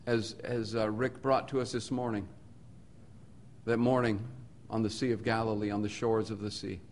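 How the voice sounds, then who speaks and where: A man's voice: fairly low pitch, little pitch movement, moderate pace, slight background noise. Earnest man preaching a sermon. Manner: earnest, rhetorical repetition, swings between soft and emphatic.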